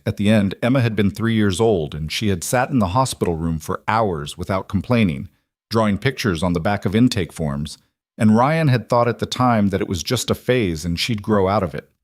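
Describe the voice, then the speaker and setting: A man narrating a scripted story in a steady, plain manner. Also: lowish voice, fairly quick, dry recording, studio quality.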